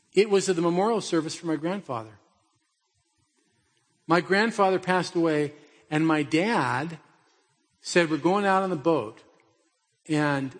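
A middle-aged male pastor with a fairly high, husky voice delivers a sermon in a loose, storytelling manner, pressing his listeners with direct questions. His voice carries a long reverb from a large hall. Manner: conversational storytelling with pointed rhetorical questions.

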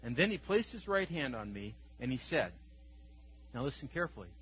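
A man preaching an Easter sermon as pastor, moving from hushed scripture reading to loud exclamations. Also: mid-range voice, very animated, fairly quick. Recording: dull lo-fi recording with faint hum.

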